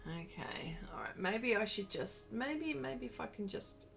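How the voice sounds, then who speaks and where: A woman's voice: mid-range voice, lively intonation, unhurried, vocal fry, fairly bright tone, faint music behind. A middle-aged woman, hosting a casual art livestream, effusively reading out viewer comments while she paints. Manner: gushing, effusive, reads viewer comments aloud.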